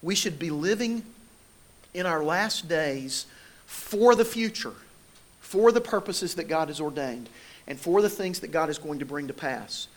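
A man's voice: fairly high pitch, animated, unhurried. A man preaching a sermon, telling a personal story in a conversational way and building emphasis as he makes his point. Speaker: pastor.

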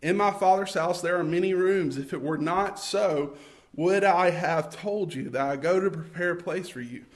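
A man's voice: high voice, normal speed. A man preaching a sermon, conversational and self-correcting, acting out scenes and building to fervent calls. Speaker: pastor.

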